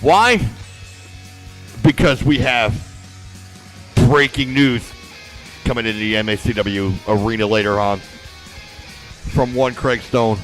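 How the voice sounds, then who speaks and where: A man's voice: medium pitch, slow pace, long pauses, a bit bright, soft background music. Hyped-up male wrestling podcast host. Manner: hyped, playful and sarcastic. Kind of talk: casual wrestling podcast chat.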